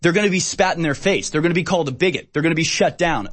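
A man's voice: a little high, quick pace, fairly bright tone. A man delivering opinionated commentary in a sarcastic, emphatic ranting manner. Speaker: political commentator.

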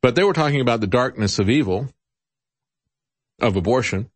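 A man's voice: medium pitch, animated, brisk. A man hosting political commentary, talking in a sarcastic, mocking way with chuckles and many "uh" fillers. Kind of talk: opinionated radio-style commentary.

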